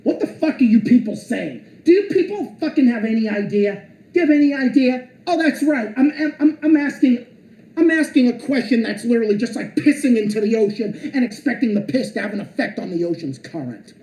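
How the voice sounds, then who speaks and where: A man's voice: extremely high pitch, lively intonation, brisk, mellow, reverberant, poor audio. A man streaming an angry, profane and sarcastic rant, sounding exasperated.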